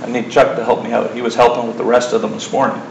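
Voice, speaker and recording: A middle-aged man preaching a sermon in a casual, joking style, full of asides and lively retellings. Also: mid-range voice, fast talker, creaky, very echoey, recorded from a distance, background noise.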